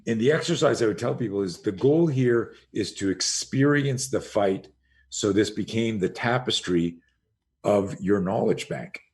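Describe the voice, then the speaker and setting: Middle-aged Canadian-born man, lowish voice, self-defense coach as podcast guest; animated, profane storyteller who acts out dialogue. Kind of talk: conversational storytelling.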